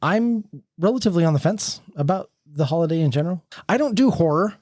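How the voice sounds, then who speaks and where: A man's voice: fairly high pitch, expressive, quick pace, darkish tone, no echo, studio quality. A man hosting a casual board game podcast, chatty and steering the talk. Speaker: podcast host. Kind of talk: casual chat.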